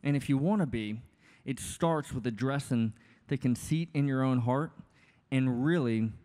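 This pastor, a man in his thirties, preaches a sermon in a casual, joking, conversational style full of asides. His voice is medium in pitch, a little slow and dark in tone, and a long hall reverb hangs on the recording.

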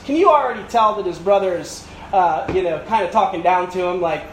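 A man's voice: high-pitched, a little fast, hardly any pauses, roomy sound, slight background noise, poor audio. A male pastor preaching a sermon with emphatic, building repetition and rhetorical questions.

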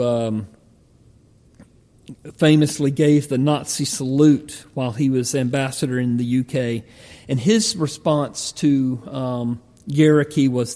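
A male preacher tells a story in a sermon, slowly and with a mellow, warm tone. He halts often with fillers. A long reverb trails his voice through a large hall. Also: mid-range voice. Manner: halting, many ums and uhs.

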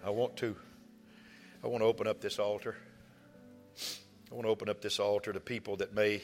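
A man, preaching a sermon as pastor. He tells stories and rises to impassioned shouts. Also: lowish voice, level tone, a little fast, long pauses. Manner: storytelling, rising to impassioned shouts. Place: large church hall. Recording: reverberant church hall with soft music.

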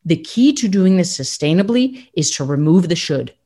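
Woman podcast host, lowish voice, emphatic, upbeat coaching delivery. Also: animated, moderate pace, dark tone, slightly rough. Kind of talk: motivational podcast talk.

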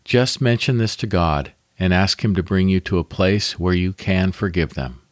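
Low-voiced man leading a devotional meditation. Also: moderate pace, no room sound, studio quality. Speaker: podcast host leading Bible meditation. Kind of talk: calm devotional reading and guided meditation.

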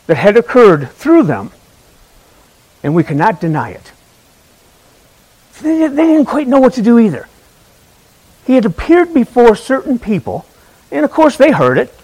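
A man's voice: extremely high pitch, a little mellow, rough recording. A man preaching an Easter sermon in a conversational way, asking the congregation questions and telling a funny personal story. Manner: tells a personal story with humor.

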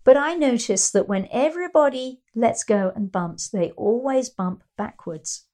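A woman's voice: on the high side, expressive, measured pace, warm tone. A middle-aged woman and riding teacher giving an instructional talk, explaining ideas through anecdotes. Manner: explanatory, storytelling, acts out quoted voices.

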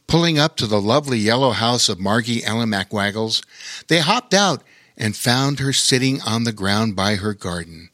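Man, children's story narrator, bright voice, very animated, dry close sound. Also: fairly low pitch, moderate pace, no echo. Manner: lively, expressive storytelling.

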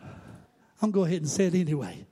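A man preaching a sermon, moving from quiet, conversational asides to shouted, sing-song exhortation. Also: a little high, sing-song, quick pace. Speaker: pastor.

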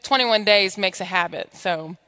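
A woman's voice: medium pitch, unhurried, bright, forceful tone, clean tone. A woman pastor giving a conversational, humorous sermon in church, exhorting her congregation.

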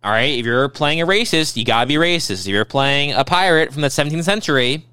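A man talks in a rapid sarcastic rant, swearing freely and swinging his pitch up and down for effect. His voice is smooth and clear, recorded close and dry. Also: animated, pushed and bright, dry recording. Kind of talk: casual chat.

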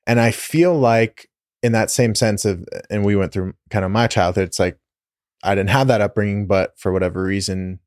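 A man hosting a podcast with a candid, reflective manner. His voice sits on the low side, and the sound is dry and close with no room echo. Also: steady tone, normal speed, darkish tone. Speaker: podcast host. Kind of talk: podcast conversation.

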